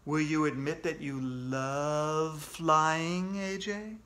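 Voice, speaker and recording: A man voicing the gentle ghost of a school principal, calm and coaxing. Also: a little high, slow pace.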